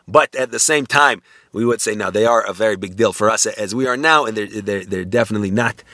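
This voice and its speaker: A man lectures on ethics in a loose, conversational way, often stopping to check in with his listeners. His voice is bright and forward. The sound is close and dry, with no room around it. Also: lowish voice, brisk, no echo. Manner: conversational, many restarts, frequent "right?" tag questions.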